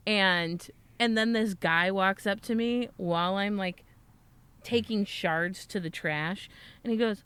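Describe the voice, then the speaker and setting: Young female podcast co-host, smooth clean tone, casual rambling storyteller, swears a lot. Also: medium pitch, measured pace, fairly bright tone. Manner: rambling, swears freely, laughs often. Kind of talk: casual chat.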